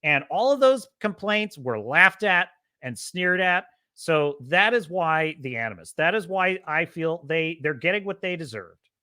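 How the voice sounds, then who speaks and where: A man hosting a casual livestream podcast, opinionated and animated, sliding into heated ranting about culture and movies. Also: a little high, unhurried. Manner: imitates radio DJ cadence. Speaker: podcast host.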